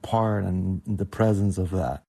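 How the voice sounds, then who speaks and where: A man's voice: sits low, fairly even intonation, a little slow, creaky, over loud music. A young man, a guest on the interview, speaking hesitantly with lots of filler words. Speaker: guest, son of the musician.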